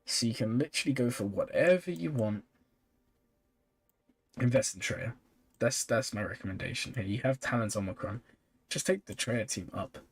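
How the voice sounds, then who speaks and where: A man's voice: mid-range voice, normal speed, vocal fry, pauses often, slightly rough. A tired man chatting casually on a live stream, answering viewers' questions. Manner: relaxed, chatty, reads and answers chat comments with small laughs. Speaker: streamer reviewing viewers' game accounts.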